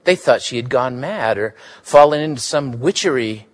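A man giving a live reading of literary fiction, measured and unhurried in his storytelling. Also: medium pitch, animated. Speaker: reader.

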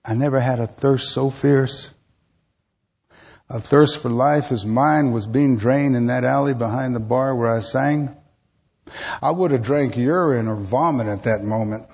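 A man voicing a grieving woman field worker haunted by thirst, in slow, lyrical, intense first-person narration. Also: medium pitch, darkish tone, breathy edge, long reverb tail.

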